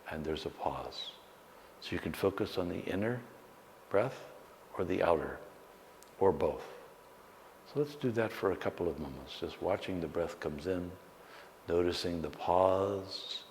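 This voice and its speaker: A man, a meditation teacher, guiding a slow, calm meditation with long pauses. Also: low voice. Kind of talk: guided meditation. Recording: long hall reverb, faint background noise.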